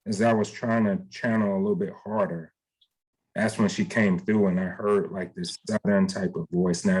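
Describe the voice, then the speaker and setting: A man's voice: low-pitched, husky, rough recording. A man giving a casual spiritual reading as a psychic medium, talking hesitantly and rambling with many fillers.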